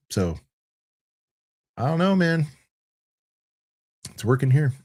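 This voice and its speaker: A man in his thirties talks casually on a review panel at an ordinary mid pitch. He rambles loosely and fills his sentences with "dude" and "like". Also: sing-song, takes it slowly, a little mellow. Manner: rambling and laid-back, full of "dude" and "like". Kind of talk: casual chat.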